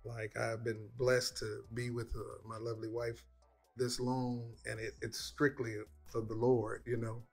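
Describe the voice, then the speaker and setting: Gentle middle-aged man, faint music behind. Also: mid-range voice, completely flat delivery, measured pace, creaky. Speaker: father, husband. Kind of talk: casual family chat.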